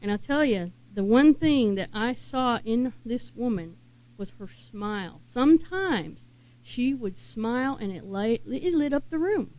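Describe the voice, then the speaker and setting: A woman preaching a sermon in an earnest, unhurried way and asking her listeners many questions. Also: fairly high pitch, expressive, darkish tone, lo-fi sound.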